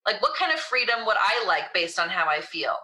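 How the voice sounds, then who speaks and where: Bright woman host, thinking out loud, slow and reflective. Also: mid-range voice, very animated, rough recording. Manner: thoughtful, searching for words. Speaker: podcast host. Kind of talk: reflective conversation.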